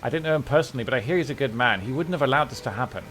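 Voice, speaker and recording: A man's voice: medium pitch, expressive, racing, fairly bright tone, faint music behind, natural voice. A man voicing a frightened young woman from a video game town, stammering and pleading for help. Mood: anxious.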